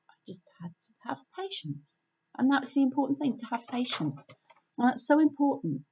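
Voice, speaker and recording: An older woman giving a homely, gentle devotional talk from home, repeating her key phrases. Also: mid-range voice, breathy edge. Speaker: church speaker. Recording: dull lo-fi home recording.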